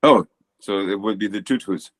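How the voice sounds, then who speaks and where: A man's voice: on the low side, moderate pace, a bit bright. A man from Brazil with a Brazilian accent, a native Portuguese speaker, chatting as a podcast guest in a dry, teasing way. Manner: dry, teasing, laughs easily. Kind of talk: casual chat.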